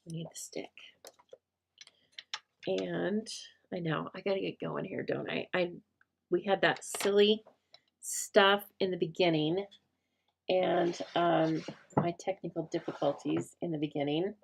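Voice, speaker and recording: Female craft host with a low, fry-edged voice; chatty, meandering, pokes fun at herself. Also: steady tone, measured pace, a little hiss or hum. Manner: chatty and rambling, talks to viewers by name; self-deprecating. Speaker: rubber stamp crafting host. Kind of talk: casual live-stream craft chat.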